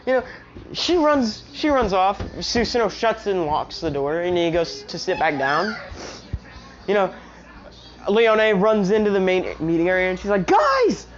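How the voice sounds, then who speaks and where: A woman's voice: medium pitch, animated, measured pace, faint music behind. A woman casually telling a fan-made story, rambling along with lots of "you know". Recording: dull lo-fi recording.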